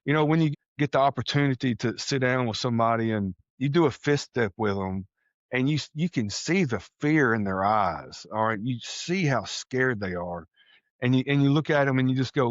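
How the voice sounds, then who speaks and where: A man's voice: medium pitch, moderate pace, no room sound. A man from Texas, a podcast guest, telling his story in an earnest, folksy way and acting out conversations he recalls. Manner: earnest, folksy, acts out quoted exchanges. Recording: dull lo-fi sound.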